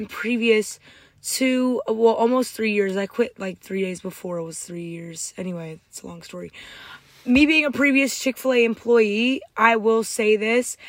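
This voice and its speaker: Young woman co-host, theatrical and jokey, slightly high voice, dry close mic. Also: a bit bright, no room sound. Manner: playful, dramatic, bursts into laughter and mock-church exclamations. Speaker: podcast co-host. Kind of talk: casual chat.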